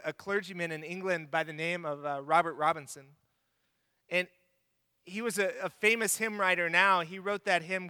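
A man preaching a sermon as pastor, earnest, swelling to emphatic peaks and then falling quiet and soft. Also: high-pitched, clean tone, no echo, studio quality, long reverb tail.

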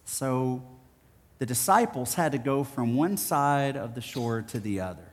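A man from Texas preaching a sermon, telling stories in a playful, animated way. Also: mid-range voice, a little slow, long reverb tail. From Houston, Texas. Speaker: pastor.

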